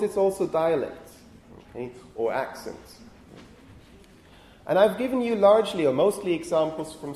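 A male university lecturer explains phonetics to his class and keeps checking in with questions. His voice sits fairly high. The hall is echoey, with a faint hum of room noise behind him. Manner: lively, often asks the class questions.

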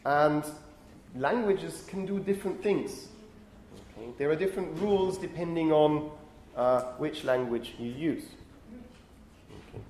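A male lecturer giving a university lecture, talking in a lively way, often correcting himself and checking in with "okay?". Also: a little high, a little slow, long pauses, a little hiss or hum. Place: lecture hall. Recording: roomy lecture hall echo.

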